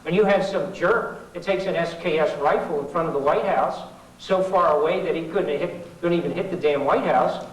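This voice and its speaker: A man's voice: a little high, moderate pace. A middle-aged man giving an informal political talk to an audience, folksy and sarcastic, rambling with asides. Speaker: public speaker. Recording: echoey 1990s hall recording from far off.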